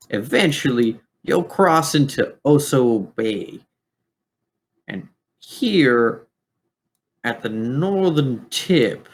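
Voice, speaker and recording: A man voicing a chatty male robot officer who hands out gear and a mission, talking in a halting way with many ums. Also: mid-range voice, creaky, fairly bright tone, heavily acted. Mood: briefing. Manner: rambling, halting, full of ums.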